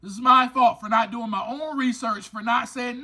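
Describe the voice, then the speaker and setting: The host of a recovery podcast delivers a motivational monologue, informally addressing listeners with emphatic, preachy repetition for stress. He has an extremely high, pushed, bright voice, keeps his intonation fairly even, and moves at normal speed with few pauses.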